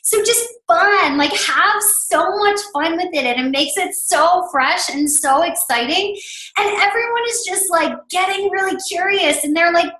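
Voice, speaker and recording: A woman's voice: very high-pitched, a little slow, pushed and bright, reverberant, poor audio. A woman coach giving a presentation to other coaches, chatty and emphatic, peppering her talk with "like". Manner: chatty and emphatic, heavy use of "like".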